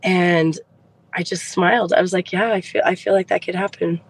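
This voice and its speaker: Low-voiced middle-aged woman sharing testimony. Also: steady tone, moderate pace, husky, no room sound, rough recording. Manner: heartfelt storytelling, retelling conversations. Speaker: podcast guest. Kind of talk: personal faith testimony.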